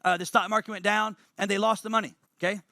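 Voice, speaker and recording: An emphatic man leads an online seminar, repeating his main points and speaking straight to the audience in the chat. His voice sits high and bright, with a gravelly edge and a dry, close sound. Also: level tone, fast talker, no echo. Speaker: webinar presenter. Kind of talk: motivational webinar talk.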